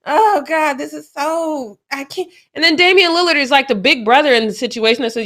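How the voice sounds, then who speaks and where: Young woman co-host, bright tone, animated and quick to laugh, sports chat. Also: sits high. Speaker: show co-host.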